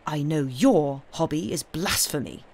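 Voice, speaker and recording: A woman reading the lines of a stern, pious male curate in a quiet, grave manner, from a storybook. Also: sits low, animated, a little slow, heavily acted.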